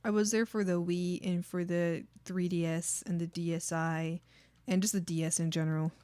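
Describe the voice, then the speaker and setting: A woman's voice: on the low side, normal speed, clean tone, no echo. A woman in her thirties chatting casually and playfully while drawing on a stream, laughing often. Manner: giggly, playful, animated.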